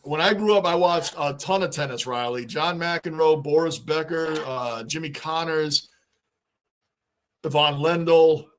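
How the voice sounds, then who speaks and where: A man's voice: fairly high pitch, a little slow. A middle-aged man, hosting a casual livestream, talking on and answering chat, often repeating himself. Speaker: livestream host.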